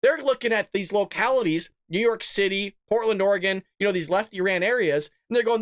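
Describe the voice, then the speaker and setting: A man's voice: high voice, fairly quick, few pauses, fairly bright tone, no echo, studio quality. A man hosting a political commentary show, reading news stories aloud and ranting sarcastically, often laughing as he reads.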